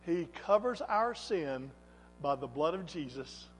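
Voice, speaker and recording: High-voiced preacher in a reverberant hall. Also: male voice, lively intonation, measured pace, faint music behind. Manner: emphatic, swings between loud exhortation and quiet asides. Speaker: pastor. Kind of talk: sermon. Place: church sanctuary.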